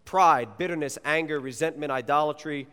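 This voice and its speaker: Man, youth pastor, higher voice, lively storytelling sermon, long hall reverb. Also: moderate pace, clean tone. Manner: animated, playful storyteller.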